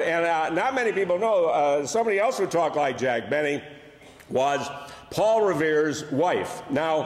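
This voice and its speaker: Older Buffalo comedian in an echoey hall. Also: male voice, on the high side, very noisy. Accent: Buffalo, New York. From Buffalo, New York. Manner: wry, anecdotal, with dry punchlines. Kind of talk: humorous storytelling talk. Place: large church hall. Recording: echoey hall with long reverb.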